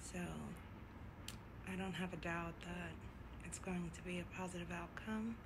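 A woman in her thirties vlogging from a doctor's procedure room, talking softly and often in a whisper, halting with fillers, in pain and a little out of breath. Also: fairly low pitch, steady tone, background noise. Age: 30s. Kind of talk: personal vlog.

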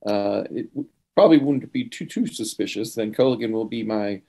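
A man's voice: fairly low pitch, moderate pace, gravelly, mellow. Stammering man planning in a game. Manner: stammering, repeating words. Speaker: tabletop game player.

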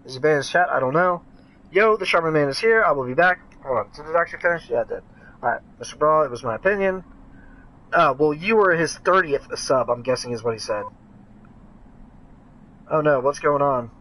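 A man's voice: a little high, expressive, a little fast, pauses often, fairly bright tone, low-quality recording. A man streaming a game live, chatting casually, greeting viewers by name and reading their messages aloud.

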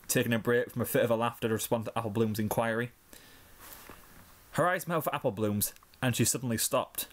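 A man's voice: medium pitch, steady tone, a little fast. A man steadily narrating a fanfiction story as the reader. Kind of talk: fanfiction reading.

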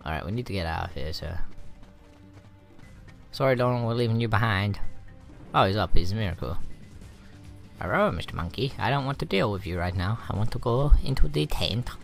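A man's voice: lowish voice, animated, a little fast, creaky, pauses often. A young man casually commentating his gameplay, rambling and swearing, easily riled. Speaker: let's play gamer. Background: game music.

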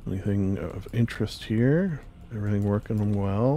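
A man's voice: on the low side, expressive, moderate pace, gravelly, dark tone, a little hiss or hum. A man hosting a gaming channel, chatting casually and jokingly as he plays a role-play game. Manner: rambling, jokey, talks to himself.

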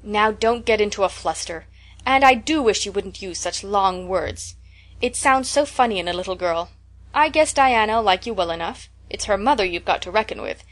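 A woman doing a stern, brisk spinster. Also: mid-range voice, lively intonation, fairly bright tone, natural voice. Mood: scolding. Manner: brisk, scolding. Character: stern, practical middle-aged spinster.

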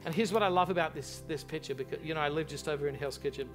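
Racing along over music, a pastor with a fairly high voice preaches to a large church. His sermon is fiery and animated, built on storytelling.

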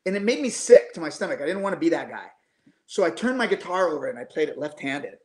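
A man in his fifties, a guest musician, telling animated anecdotes casually over a video call, with frequent restarts. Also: on the high side, fast. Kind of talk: casual storytelling. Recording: echoey room.

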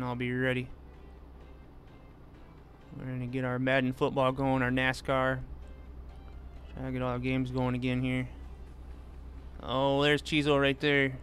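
A gaming streamer plays a truck-driving game and chats casually with his viewers, reading their messages aloud and answering each by name. He's laid-back, with a mid-range voice that's a bit bright.

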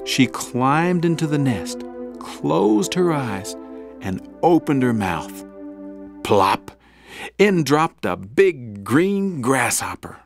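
A man reads a children's picture book aloud at an unhurried pace. His voice swings widely up and down to act out the story. Soft music plays beneath him the whole time. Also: mid-range voice, vocal fry. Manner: expressive, gently dramatic. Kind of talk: storybook narration. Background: background music.

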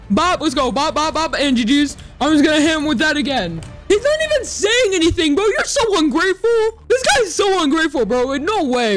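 A man's voice: very high-pitched, fairly bright tone. A man giving hyped gameplay commentary as a gaming YouTuber, teasing and trash-talking the players he faces.

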